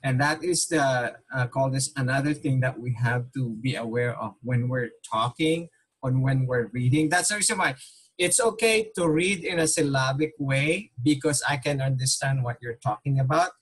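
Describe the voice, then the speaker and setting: A man's voice: mid-range voice, moderate pace, breathy edge. A man teaching an online Tagalog class, patiently repeating questions and mixing Tagalog with English.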